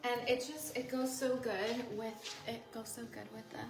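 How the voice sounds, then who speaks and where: Female livestream host, higher voice, bright and excitable, cooks and talks to fans in an echoey kitchen. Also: moderate pace, over loud music. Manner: bubbly, greets and thanks viewers with sudden excited squeals. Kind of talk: casual livestream chat while cooking. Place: home kitchen.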